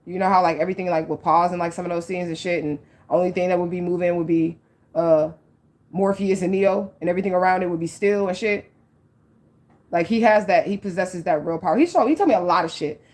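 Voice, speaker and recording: A woman with a slightly low voice gives a casual spiritual card reading. She talks straight to her viewers, blunt and profane, with lots of "like" and "okay?" between thoughts. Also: brisk, darkish tone. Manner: frank and profane, with many likes and okays; earnest, speaks straight to the audience. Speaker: psychic tarot reader.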